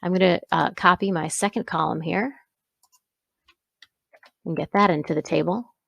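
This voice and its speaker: A woman instructor talking through a software exercise step by step, pausing to correct herself along the way. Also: on the low side, fairly even intonation, vocal fry, dry recording, muffled recording. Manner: step-by-step, self-correcting with small asides. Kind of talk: screen-recorded software walkthrough.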